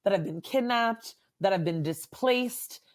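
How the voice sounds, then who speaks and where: A woman psychologist speaking as a guest in a conversational interview, animated and full of fillers and tag questions. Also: medium pitch, measured pace.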